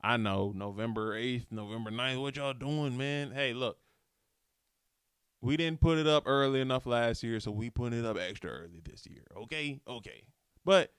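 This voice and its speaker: A young man hosts a casual motivational podcast on his own, speaking in a relaxed, slangy way into a studio microphone. His mid-range voice is clean and a bit bright, with studio-quality sound and no room noise.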